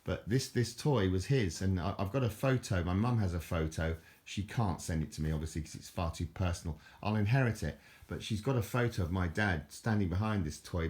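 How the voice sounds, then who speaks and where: A man's voice: low voice, darkish tone. Rambling older man, southern English accent. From southern England. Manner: rambling, chuckling, repeats words and restarts. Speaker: vlogger. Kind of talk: rambling casual chat to camera.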